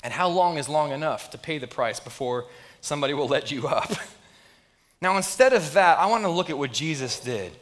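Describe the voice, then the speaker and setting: A pastor preaching a sermon, retelling a story in a conversational, animated way with frequent restarts. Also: male voice, fairly high pitch, fairly quick.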